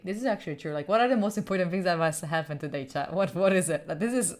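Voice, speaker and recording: A woman's voice: fairly low pitch, expressive, quick pace, few pauses. A woman from Italy hosting a study live stream, chatting playfully with her viewers, laughing and swearing often. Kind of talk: casual live-stream chat.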